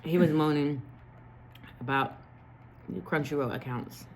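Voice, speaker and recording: A woman's voice: low-pitched, measured pace, a little hiss or hum. Woman vlogging at home. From Jamaican roots. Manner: animated storytelling, slipping into patois. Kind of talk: casual vlog chat.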